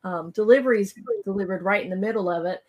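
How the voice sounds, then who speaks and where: A woman hosting a podcast who asks her guest eager, brisk questions in a casual interview. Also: medium pitch, lo-fi sound. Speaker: podcast host.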